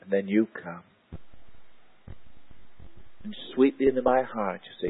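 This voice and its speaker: A man preaching a sermon and praying aloud, repeating his phrases and often falling to a hushed voice. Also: lowish voice, slow, husky, no echo. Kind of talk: sermon and spoken prayer. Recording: tinny, narrow-band lo-fi recording.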